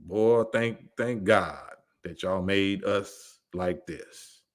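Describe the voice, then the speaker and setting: Male host with AAVE, low-pitched, animated and combative on a casual livestream. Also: extremely slow. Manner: animated, argumentative, laughs often, rhetorical questions.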